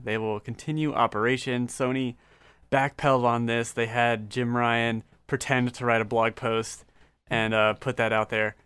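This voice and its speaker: A man's voice: mid-range voice, fairly bright tone, clean tone, dry recording. A young adult man co-hosting a podcast, talking in a casual, dry, slightly grumbling way. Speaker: podcast co-host.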